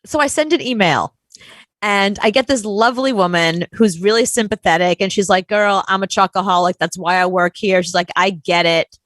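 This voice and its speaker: A woman co-hosting a chat show, telling a story in an animated, exasperated way and acting out quotes. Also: mid-range voice, moderate pace, no echo. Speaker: podcast co-host.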